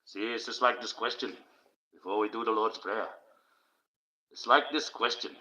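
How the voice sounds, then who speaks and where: A man's voice: fairly low pitch, steady tone, moderate pace, bright, forceful tone, low-quality recording. A man delivering a preachy livestream monologue in a put-on, declaiming voice.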